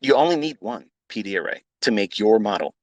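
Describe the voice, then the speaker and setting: A middle-aged man giving a blunt, profane, unscripted rant as a trading educator hosting a live audio chat, repeating himself and swinging into loud outbursts. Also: lowish voice, lively intonation, fairly quick, no echo, rough recording.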